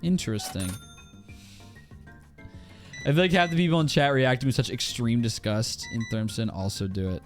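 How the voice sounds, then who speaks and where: A man's voice: medium pitch, normal speed, long pauses, soft background music. A man with a strained throat, chatting casually and ranting with exasperation to his live-stream audience while he plays, swearing freely.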